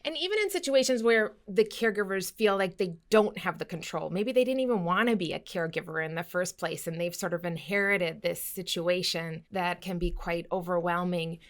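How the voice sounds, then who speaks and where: A woman's voice: lowish voice, fairly quick, few pauses. A woman podcast host asking attentive, affirming questions of her guest.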